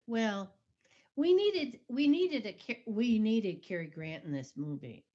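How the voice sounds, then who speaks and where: A woman's voice: medium pitch, expressive, a little slow, dark tone, slightly rough. A woman co-hosting a podcast in casual chat, enthusiastic and agreeable. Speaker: podcast co-host. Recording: dull lo-fi audio.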